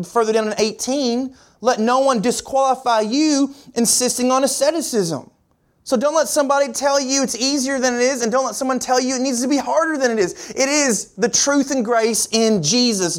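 A preacher delivering a sermon in an earnest, repetitive way, asking the congregation rhetorical questions and pushing key words up and down for emphasis. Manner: pitch and pace swing widely for emphasis.

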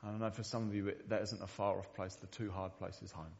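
Earnest low-voiced guy preaching, dull recording, big hall reverb. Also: level tone, brisk, creaky, a little mellow. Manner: earnest, repeats words when starting sentences. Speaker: pastor. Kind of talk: sermon.

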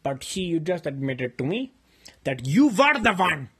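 A man's voice: sits high, animated, moderate pace, breathy edge, full character voice. A man doing a hot-tempered food-stealing accuser. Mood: furious. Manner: broken English, insulting, indignant. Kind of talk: comedy skit.

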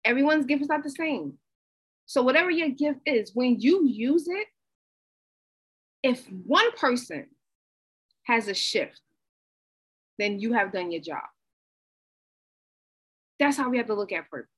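A woman giving a conversational, animated inspirational talk, repeating herself for emphasis. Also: a little high, unhurried, pauses often, slightly rough, poor audio. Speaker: motivational speaker.

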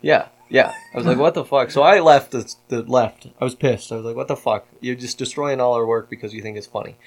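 A male podcast host tells a story in loose, casual chat. He swears freely and gets worked up as he goes, with a voice of middling pitch. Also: fairly quick.

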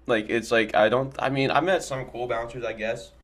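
Young man, mid-pitched voice, laid-back podcast banter, profane, laughs a lot. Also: fairly even intonation, moderate pace, a bit bright. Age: young adult. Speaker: podcast co-host. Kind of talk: casual chat.

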